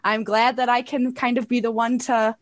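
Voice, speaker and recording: A woman's voice: fairly high pitch, level tone, moderate pace, no room sound. An American woman from Buffalo, New York, a guest describing her travel blog in a bubbly, casual way, laughing often. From Buffalo, New York, USA. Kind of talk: casual interview chat.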